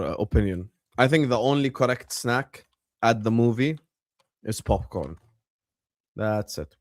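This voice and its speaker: A man hosting a casual live watchalong, chatty and bursting into excited shouts. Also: mid-range voice, a little slow, pauses often, no room sound, clean studio sound. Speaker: livestream host.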